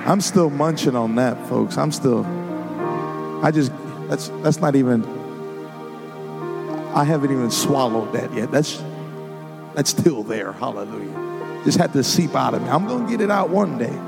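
A man preaching a sermon to a congregation, building from plain talk into sung, shouted climaxes. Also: mid-range voice, lively intonation, moderate pace, vocal fry, long pauses. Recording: music behind the voice.

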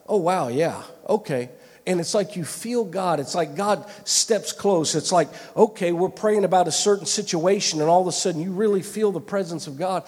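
A man's voice: high voice, darkish tone. Earnest male preacher in a reverberant hall. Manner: earnest, repetitive storytelling with many restarts. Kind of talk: sermon.

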